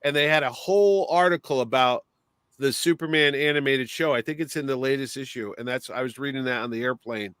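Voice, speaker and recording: A middle-aged man hosting a casual chat show, animated, breaking into impressions and swearing. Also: mid-range voice, a little fast, clean tone, dry recording, clean studio sound. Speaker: podcast host.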